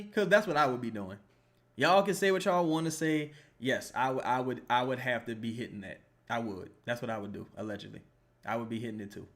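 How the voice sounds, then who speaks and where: A young man giving casual live reaction commentary while watching a basketball game, joking and swearing as he rambles. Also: medium pitch. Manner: animated, joking, profane and rambling.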